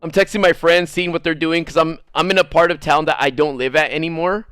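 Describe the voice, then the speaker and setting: A man with a fairly high, smooth and clear voice tells a rambling story to his stream audience. He is animated, laughs often and swears freely. The sound is dry and close, with no room echo. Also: fairly quick. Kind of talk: casual storytelling on a livestream.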